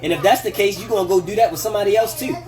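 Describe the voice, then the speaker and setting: High-voiced, animated man on a livestream. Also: rapid-fire, soft background music. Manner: animated, profane, laughs often, acts out quoted voices. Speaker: livestream host giving relationship advice. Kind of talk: casual livestream talk. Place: home kitchen.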